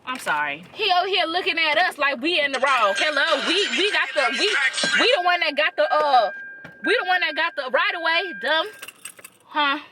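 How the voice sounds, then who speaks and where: A young woman chatting casually in a reaction vlog, animated, slangy and blunt, with playful trash talk. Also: high-pitched, moderate pace, over music. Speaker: reaction vlogger. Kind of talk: casual chat.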